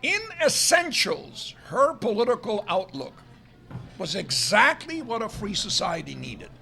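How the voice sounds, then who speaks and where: Male lecturer, high voice with a gravelly edge, emphatic and argumentative. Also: pushed and bright. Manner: emphatic, argumentative, stresses key words. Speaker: guest lecturer. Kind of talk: public lecture. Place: restaurant event room.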